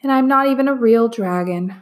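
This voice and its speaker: A woman's voice: on the high side, fairly quick, close to an everyday voice. A woman voicing an eager, wistful young male dragon in a storybook. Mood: earnest. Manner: earnest, wondering storytelling.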